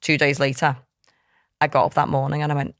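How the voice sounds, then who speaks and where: In a studio-quality, dry recording, a woman with a deep voice speaks a little fast in a flat delivery. She's telling a podcast interviewer a hard personal story, candid and heartfelt, tumbling through it with lots of quoted dialogue.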